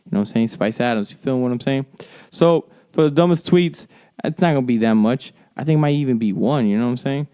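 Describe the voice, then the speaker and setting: Man ranting profanely, smooth voice. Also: medium pitch, fast, warm tone. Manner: profane, rambling and heated. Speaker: sports podcast host. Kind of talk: solo sports commentary rant.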